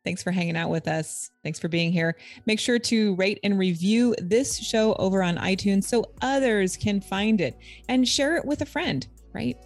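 A middle-aged woman co-hosting a podcast, telling stories in a lively, chatty way and laughing often. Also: medium pitch, normal speed, no echo, faint music behind. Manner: animated storyteller, laughs often. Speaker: podcast co-host. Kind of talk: casual chat.

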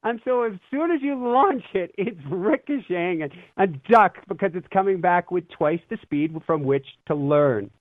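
An earnest man, reflective and given to easy laughter, with a slightly high voice. His sound is dry and squeezed into a thin, phone-like band. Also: animated, normal speed, hardly any pauses, no echo. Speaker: guest. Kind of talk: casual spiritual talk. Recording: tinny phone-line sound.

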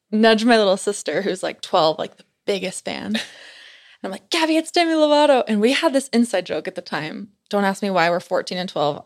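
A young woman chats on a podcast as a guest, giggling often as she tells her story. Her voice sits at a middle pitch for a woman, and she talks at an easy, casual pace. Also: creaky. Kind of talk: casual chat.

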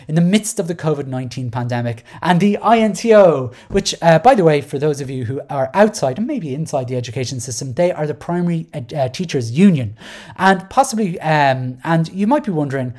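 A woman's voice: low voice, big pitch swings, brisk, warm tone. A middle-aged woman hosting a podcast, talking in a sardonic, digressive way with many restarts. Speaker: podcast host. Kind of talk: casual solo commentary.

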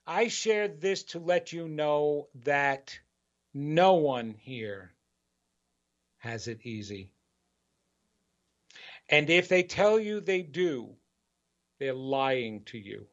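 A man's voice: fairly high pitch, lively intonation, drawn-out words, long pauses. Earnest man giving a spiritual pep talk. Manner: earnest, repetitive, building emphasis. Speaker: spiritual talk show host. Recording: dull lo-fi recording.

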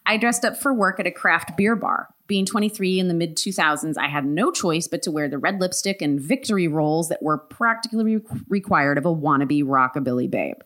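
A woman podcast co-host reading a listener's story aloud, animated and laughing often. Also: fairly low pitch.

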